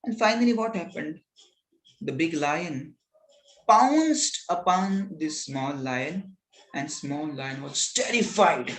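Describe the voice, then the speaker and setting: A man leading a scripture class, talking slowly and earnestly as he explains a spiritual lesson. His voice sits high for a man, and he keeps checking in with his listeners as he goes. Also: animated, fairly bright tone, low-quality recording. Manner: earnest, repetitive with rhetorical "right?". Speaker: spiritual teacher.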